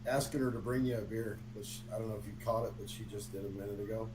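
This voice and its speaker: A man's voice: fairly low pitch, steady tone, fast. Dry-humored man in casual chat. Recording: noticeable hum behind voice.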